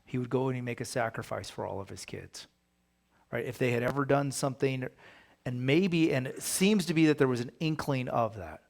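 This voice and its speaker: Gravelly-voiced man teaching scripture casually. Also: medium pitch, fairly quick. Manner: conversational, asks the listeners rhetorical questions. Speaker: pastor. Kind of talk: casual Bible study teaching.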